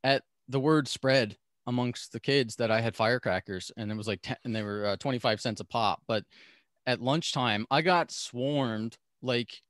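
Male podcast guest, mid-pitched, animated storyteller who laughs a lot; close, dry mic. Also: moderate pace, no echo. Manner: animated, laughs often, acts out quoted voices. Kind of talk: storytelling in a casual interview.

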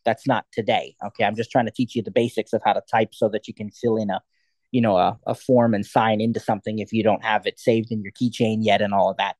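Give me an instructor in mid-register giving a relaxed live lesson, who rambles a little and fills pauses with um and uh. The sound is dry and close, with no room around it. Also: medium pitch, dry recording. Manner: chatty and digressive, thinks aloud with many fillers. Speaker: assistive technology instructor. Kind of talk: live class demonstration.

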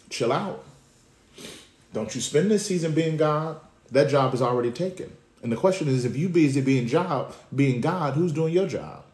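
A male pastor preaching a sermon in a lively, conversational way, full of street slang and direct talk to the congregation. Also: medium pitch. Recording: roomy echo.

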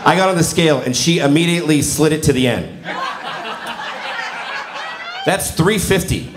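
A man's voice: on the high side, fast talker. A man in his forties performing a stand-up comedy set in a live venue, telling stories and acting out quotes in a conversational way. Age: 40s. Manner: conversational storytelling with acted-out quotes. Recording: roomy live venue with loud audience noise.

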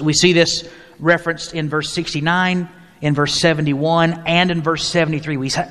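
A man's voice: on the high side, fairly bright tone. A man, a pastor, leading a mid-week Bible study in a conversational teaching style, often restarting his phrases and inviting questions from the group. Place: church hall. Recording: long hall reverb.

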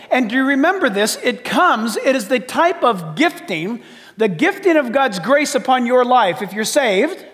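An older man preaching a sermon as pastor, emphatic and shouting at times, then dropping to soft asides. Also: extremely high pitch, big-room sound.

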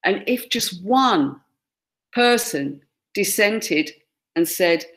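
A woman's voice: medium pitch, lively intonation, extremely slow, a little hiss or hum. A woman gives a classroom lecture, pointing out pictures and acting out quoted lines. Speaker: teacher.

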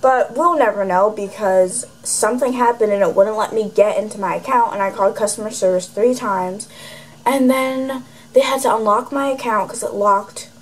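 A woman's voice: medium pitch, moderate pace, slight background noise, rough recording. A teenage girl vlogging to camera from a room at home, rambling and sarcastic, with plenty of "like" in her speech. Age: teens. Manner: rambling and sarcastic, heavy use of "like". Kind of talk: casual chatty vlog. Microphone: camera facing her.

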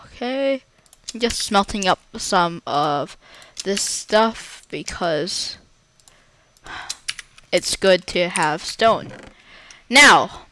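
A woman's voice: medium pitch, animated, extremely slow, pauses often, sharp tone, slight background noise. A woman giving chatty gameplay commentary, breaking into dramatic squeals and panicked repeated cries. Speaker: Minecraft let's-play creator.

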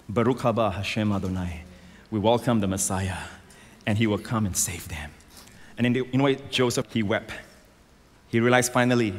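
A man preaching a sermon as a pastor, emphatic and rising to loud exclamations, on a stage microphone in a large church. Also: on the low side. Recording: long hall reverb.

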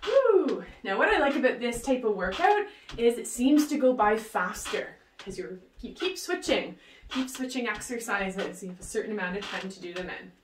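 A woman's voice: medium pitch, animated, normal speed, a little hiss or hum. A woman leading a workout, upbeat and cheering with whoops and countdowns while she exercises along. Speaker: fitness instructor. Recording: roomy, voice distant from the mic.

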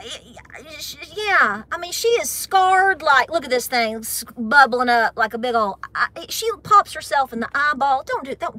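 Middle-aged woman, Appalachian accent, high bright voice, chatty and giggly livestream host. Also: no room sound. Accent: Southern American, Appalachian. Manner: chatty, giggly, drawn-out Southern phrasing. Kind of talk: casual livestream chat with viewers.

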